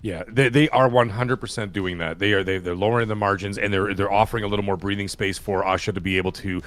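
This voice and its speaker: A man's voice: lowish voice, fairly even intonation, fast talker, a bit bright, soft background music. A man with a Canadian accent, a guest commentator in a casual podcast discussion, talking in an opinionated, emphatic way with frequent self-corrections.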